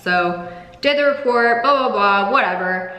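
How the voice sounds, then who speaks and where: A woman's voice: on the high side, measured pace, sharp tone. A young adult woman candidly telling a painful personal story, swearing freely and holding back tears. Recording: echoey room with long reverb.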